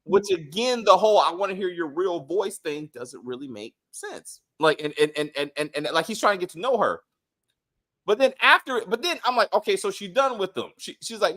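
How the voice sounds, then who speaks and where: A man co-hosting a casual TV review chat, animated and exclaiming, acting out characters' lines. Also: high-pitched, brisk. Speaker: show co-host reviewing a TV series.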